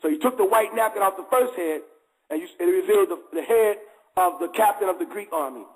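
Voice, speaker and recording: A man's voice: sits high, a little fast, poor audio. A man hosting a show, preaching in a casual, conversational way and constantly checking in with his listeners. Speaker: host.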